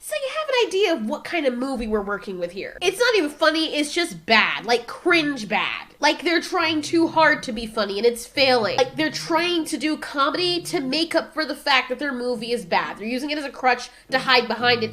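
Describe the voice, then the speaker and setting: A woman's voice: sits high, big pitch swings, fairly quick, few pauses, a bit bright. A woman hosting a comedic movie review, talking in a sarcastic, exasperated way. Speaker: movie reviewer and channel host.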